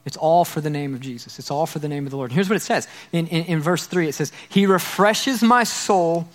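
A man's voice: on the high side, fast, darkish tone. A man preaching a sermon as pastor, earnest, repeating key phrases and tripping over repeated words.

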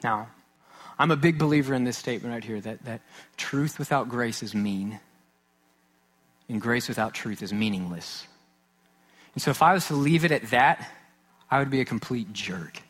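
A man's voice: mid-range voice, normal speed, pauses often, a bit bright. Earnest man preaching in a conversational way. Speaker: pastor. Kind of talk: sermon.

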